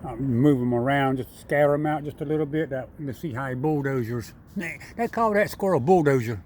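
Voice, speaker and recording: A man chatting and coaxing a squirrel in his front yard, repeating himself in a relaxed, chuckling way. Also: medium pitch, a little fast, slight background noise. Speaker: vlogger feeding a squirrel. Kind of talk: casual talk to an animal.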